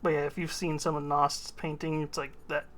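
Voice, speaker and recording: A woman streamer chatting casually while painting miniatures, her voice a little hoarse. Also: sits low, little pitch movement, a little fast. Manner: chatty, talks while working. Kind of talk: casual live-stream chat.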